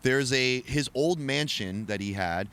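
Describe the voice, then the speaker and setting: A man guest on a podcast, telling travel stories in a casual, profane, animated way. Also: medium pitch, unhurried, smooth. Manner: animated, profane, acts out quotes. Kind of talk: casual storytelling.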